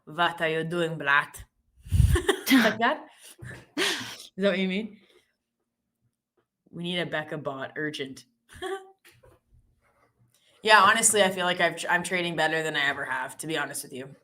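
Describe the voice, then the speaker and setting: A woman's voice: on the low side, lively intonation, a little slow, pauses often, bright, forceful tone. A woman hosting a live trading stream in casual, chatty talk, giggly and self-deprecating.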